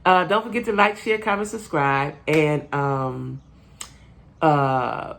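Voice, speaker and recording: Staying at her son's home, this middle-aged channel host talks loosely to her audience about reality TV. She speaks slowly in a deep, slightly bright voice with vocal fry.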